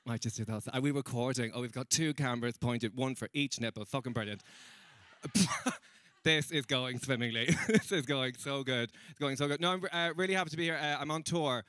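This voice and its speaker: A man's voice: mid-range voice, a little fast, fairly bright tone, no room sound. A young Irish man doing a stand-up comedy set on a stage, chatty and self-mocking, acting out other people's voices as he goes. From Ireland.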